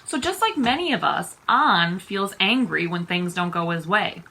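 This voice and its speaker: A woman teacher reading a children's picture book aloud, expressive and unhurried. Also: on the low side, creaky, slightly rough, low-quality recording. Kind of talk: storytime read-aloud.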